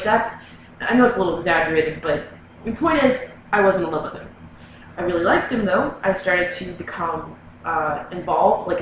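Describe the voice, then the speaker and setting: A woman's voice: mid-range voice, slight background noise. A young woman vlogging, telling a personal story in a rambling, casual way full of "like" and "you know.". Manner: rambling, filler-heavy, lots of "like". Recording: very echoey room, mic far away.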